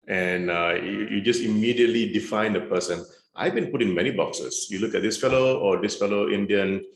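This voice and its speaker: A man's voice: on the low side, roomy sound. A man speaking frankly with dry humour as a guest on a video-call panel. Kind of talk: conversational panel talk.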